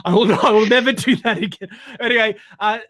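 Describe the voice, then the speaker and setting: A man's voice: high-pitched, fairly quick, a bit bright. A man hosting a casual live stream, upbeat and laughing often as he reads out donations.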